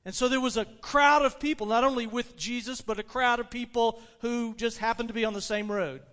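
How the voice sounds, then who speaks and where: A man preaching a sermon, retelling a story with animated delivery and frequent restarts. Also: extremely high pitch, fairly quick. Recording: long hall reverb.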